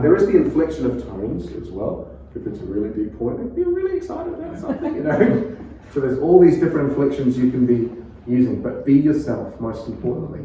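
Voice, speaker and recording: Calm Kiwi pastor in an echoey hall. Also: male voice, mid-range voice, slight background noise. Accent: New Zealand. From New Zealand. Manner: calm, conversational, laughs often. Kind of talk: preaching workshop teaching. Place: church hall. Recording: echoey room, far from mic.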